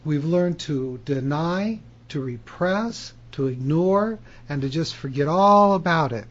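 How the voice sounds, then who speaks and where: Animated self-help author, slightly high voice. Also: male voice, muffled recording. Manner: animated, emphatic storytelling. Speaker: author and hypnotherapy teacher. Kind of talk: self-help video monologue.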